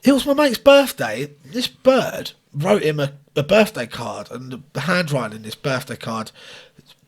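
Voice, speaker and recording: A man co-hosts a casual podcast, chipping in with quips and stories. His voice is husky and a touch high, and its pitch swings widely as he talks. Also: very animated, normal speed. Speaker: podcast co-host. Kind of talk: casual chat.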